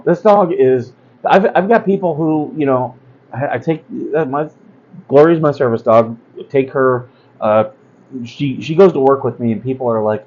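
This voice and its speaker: A man's voice: medium pitch, expressive, normal speed, darkish tone, muffled recording. A man hosting a casual livestream talk, blunt and rambling, with many fillers and asides. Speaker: host.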